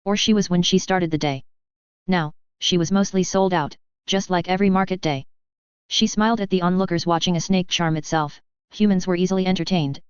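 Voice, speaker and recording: Woman, low voice, smooth clear tone, dry muffled recording, sci-fi story reading. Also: no echo. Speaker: narrator.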